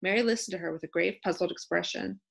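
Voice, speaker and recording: A woman's voice: on the low side, fast, creaky. A woman volunteer reading a children's classic aloud as an audiobook narrator. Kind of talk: scripted narration.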